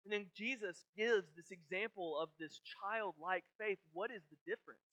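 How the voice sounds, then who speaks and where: A man in his thirties preaching a sermon, earnest, sometimes dropping very soft in prayerful moments. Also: sits high, normal speed, low-quality recording. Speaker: pastor.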